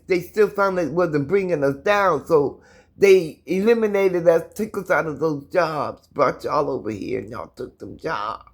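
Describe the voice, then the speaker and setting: Husky-voiced woman, emotional and near tears. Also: sits low. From United States. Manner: impassioned, repetitive, addresses viewers directly. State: holding back tears, stuttering. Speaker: vlogger. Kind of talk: emotional personal video. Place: her apartment, indoors.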